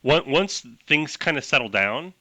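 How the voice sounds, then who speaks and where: Chatty bright-voiced game master. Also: male voice, fairly high pitch, lively intonation, measured pace, dry recording. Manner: rambling, laughing, lots of "like". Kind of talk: narrating a tabletop game.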